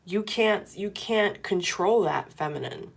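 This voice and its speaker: A woman's voice: mid-range voice, a little slow, gravelly, slightly rough. A woman giving a tarot reading to camera, talking in an earnest, repetitive, coaching way. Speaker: tarot reader.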